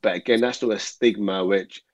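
Earnest man, low voice. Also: fairly even intonation, moderate pace, dry recording. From England. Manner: earnest, rambling, with many "you know"s. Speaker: guest, former professional footballer. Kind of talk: reflective interview talk. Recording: dull, dry audio.

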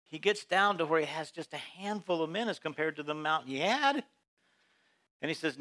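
A male pastor preaching a sermon in church, telling Bible stories in an animated way and acting out the characters' voices. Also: a little high, fairly quick.

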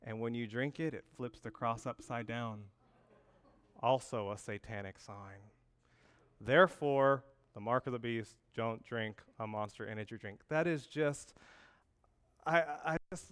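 A man preaching a lively sermon, telling a funny story with jokes and asides to the congregation. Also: medium pitch, a little slow, clean tone. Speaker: pastor.

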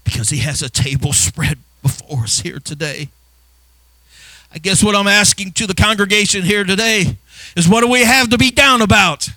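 A male pastor preaching a sermon, building from soft, low passages into impassioned shouts. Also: normal speed, dry recording.

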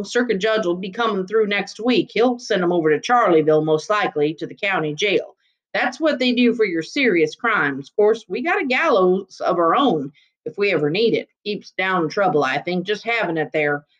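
A woman's voice: medium pitch, animated, moderate pace, muffled recording, close to an everyday voice. A woman voicing a chatty, folksy small-town male constable with a rural drawl.

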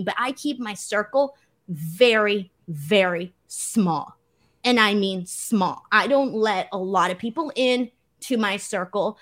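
A woman's voice: fairly high pitch, a bit bright. A woman hosting a podcast from her home, chatting casually and laughing often, with many fillers. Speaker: podcast host. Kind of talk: casual chat. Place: home studio.

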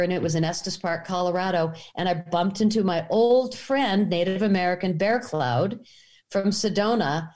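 A woman filmmaker telling a story in conversation, acting out the dialogue with animated pitch jumps. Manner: animated, acts out quoted dialogue. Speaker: documentary filmmaker.

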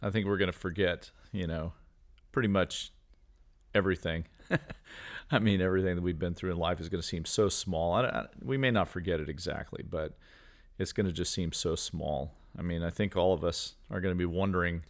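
A man with a notably deep, low voice, thinking aloud in a reflective, conversational way. He fills his sentences with casual hedging phrases as he talks about faith. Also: normal speed. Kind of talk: faith-based casual chat.

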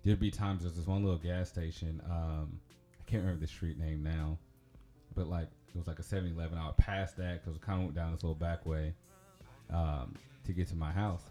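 A low-voiced man with a twang rambles through a personal story on a casual podcast. His voice is dark and mellow, and he fills it with ums and likes. Faint background music sits behind him. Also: little pitch movement, brisk. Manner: rambling, chatty, laughs often, lots of fillers. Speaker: podcast host.

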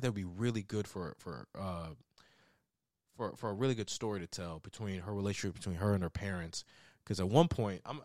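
A young man casually reviews a short film, rambling with restarts, swearing and laughs. His voice is medium-pitched, with clean studio sound and no echo.

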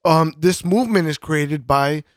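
A man in loose podcast banter, cursing nearly every sentence and stumbling through restarts. His voice sits fairly high, and the recording is dry and close. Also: a little slow, dry recording. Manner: profane, rambling, full of fillers and restarts. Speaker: podcast co-host. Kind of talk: casual podcast chat.

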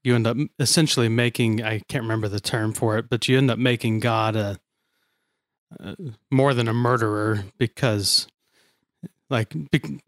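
A man's voice: lowish voice, steady tone, moderate pace, no echo, clean studio sound. A man co-hosting a casual faith podcast, thinking aloud and searching for words. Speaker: podcast co-host.

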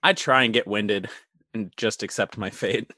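A man chatting as a guest on a casual movie podcast, cracking quick jokes. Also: fairly low pitch, pushed and bright, no echo, studio quality. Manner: joking, quick wisecracks.

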